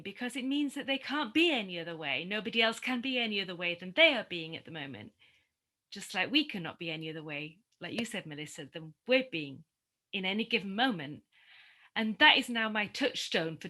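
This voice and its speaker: A middle-aged woman telling a reflective personal story in a group conversation, animated and often laughing. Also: fairly high pitch. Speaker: community discussion participant.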